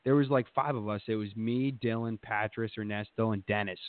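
A man's voice: fairly low pitch, fairly even intonation, brisk, dry recording. A man hosting a podcast, telling a rambling, profane story in a boastful casual way. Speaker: podcast host. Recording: tinny phone-like dry sound.

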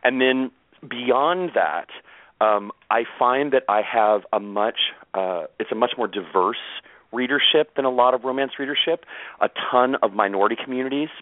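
A man, an author, telling anecdotes in an interview with animated energy and frequent laughs. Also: medium pitch, moderate pace, no room sound. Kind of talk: conversational storytelling interview. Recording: tinny phone-like line, dry.

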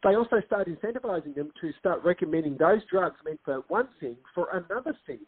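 A man's voice: high-pitched, animated, fairly quick, slightly rough, no room sound. A film director as a guest in a casual interview, explaining earnestly and acting out quotes as he tells stories. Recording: tinny phone-line sound.

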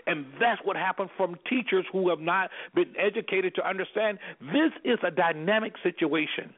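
With a high-pitched voice, normal speed and hardly any pauses, a man speaks by phone as a guest on a call-in radio program. He is an anger management specialist, and his talk is impassioned, emphatic and preacherly, with quoted voices acted out.

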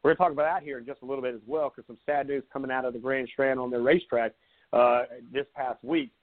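A fast-talking man in his forties from South Carolina, with a medium-pitched voice that barely rises or falls. He's a sports talk host spinning rambling, sarcastic stories in casual live chat, laid-back throughout. The audio sounds tinny, like a phone line.

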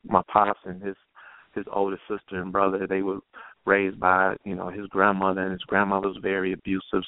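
A man with a gravelly, low voice tells a personal story. He speaks earnestly and haltingly and restarts his sentences often. The sound is dry and tinny, as if heard over a phone line. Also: dry recording. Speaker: guest poet.

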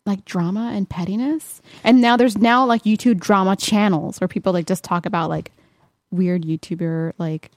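A woman co-hosting a casual chat show, rambling through stories with plenty of "like" fillers. Her voice sits at an ordinary middle pitch. The recording is close and dry. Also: normal speed, no room sound. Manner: chatty, lots of "like" fillers, animated storytelling.

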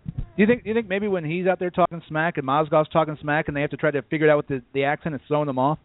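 A man's voice: on the high side, fairly even intonation, racing, no echo. A man co-hosting a sports talk show, arguing his opinions in casual chat. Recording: dry, tinny phone-like audio.

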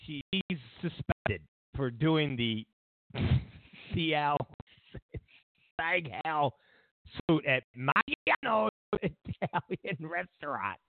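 A man's voice: fairly high pitch, animated, drawn-out words, creaky, pauses often, dry recording. Male show host, incredulous and stammering, dry phone-quality sound. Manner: sarcastic, incredulous, stammering restarts. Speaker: political commentary show host. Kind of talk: ranting talk-show commentary.

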